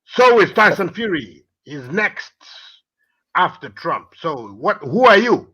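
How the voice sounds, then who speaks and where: High, lively, bright-voiced abusive man. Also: takes it slowly, slightly rough. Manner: abusive, shouting insults, taunting. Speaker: caller. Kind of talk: heated live-stream argument.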